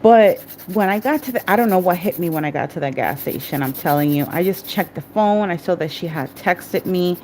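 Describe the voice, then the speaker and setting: A middle-aged woman with a somewhat low voice talks openly about her week in casual, rambling sentences. She backtracks and restarts often, like someone confiding in a friend while working on a nail set. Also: animated, fairly quick, few pauses, a little mellow, slight background noise. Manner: candid, rambling, with many restarts and fillers. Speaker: nail artist and vlogger. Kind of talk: casual personal storytelling during a nail tutorial.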